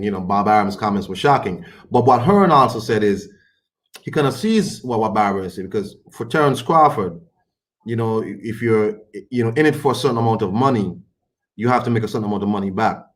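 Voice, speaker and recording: A man with a somewhat low voice talks through boxing news on his livestream. His delivery is loose and colloquial, wandering from point to point in an unhurried, chatty ramble. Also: animated, a bit bright. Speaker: boxing commentary streamer. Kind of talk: casual commentary on a livestream.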